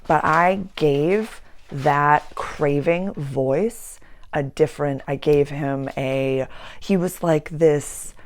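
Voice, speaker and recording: A woman who works as an astrologer and channeler talks casually about spiritual matters in a deep voice. She is earnest, slowing down and repeating words for emphasis.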